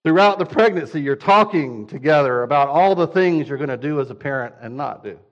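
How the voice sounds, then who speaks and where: A man's voice: a little high, expressive, a little fast. A father and preacher telling humorous stories in a sermon, acting out scenes with swinging energy. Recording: dull lo-fi recording.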